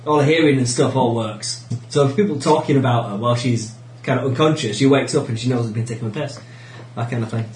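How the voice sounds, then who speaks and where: A man chatting casually as a player at a tabletop game, telling stories in an animated way. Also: medium pitch, fast, hardly any pauses. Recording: roomy with faint noise.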